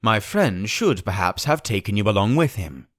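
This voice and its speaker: A man voicing a calm, shrewd gentleman doctor who speaks in measured, reasoning tones. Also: on the low side.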